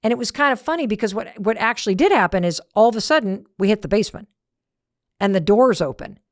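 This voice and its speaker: A middle-aged woman talks straight to her listeners in a motivational podcast. She is emphatic and leans on punchy repetition as she tells a story. Her voice sits at a middle pitch, and the recording is close and dry. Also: animated, fast, no room sound. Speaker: host.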